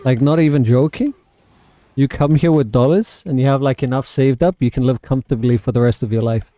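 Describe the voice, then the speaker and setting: A man's voice: mid-range voice, steady tone, fast talker, warm tone, dry recording, soft background music. A South African man hosting a casual game livestream, rambling and answering his chat. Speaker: livestream host and gamer.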